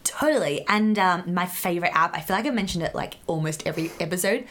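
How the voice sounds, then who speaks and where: A woman's voice: fairly low pitch, fast. A young woman doctor co-hosting a podcast, chatting casually with enthusiasm. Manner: enthusiastic, upbeat, expressive. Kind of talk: casual chat.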